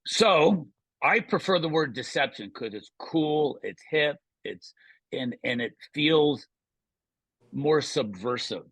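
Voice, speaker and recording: A man being interviewed as a guest magician, talking in quick, punchy showman patter with frequent restarts. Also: fairly high pitch, animated, fairly bright tone, slightly rough, dry recording. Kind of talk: casual interview chat.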